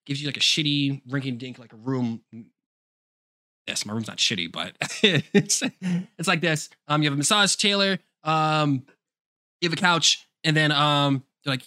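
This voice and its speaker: A man on a podcast mic who talks in an animated, joking way, laughing as he goes and swearing without a second thought. His voice sits a touch high and rings bright, and the sound is dry and close. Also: moderate pace, no echo. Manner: animated, laughing, cursing freely. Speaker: podcast co-host. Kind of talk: casual podcast chat.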